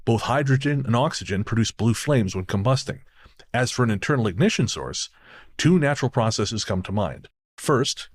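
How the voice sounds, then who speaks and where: Laid-back Canadian man telling stories. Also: fairly low pitch. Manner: storytelling, laughs often, swears casually. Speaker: podcast co-host. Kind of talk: casual chat.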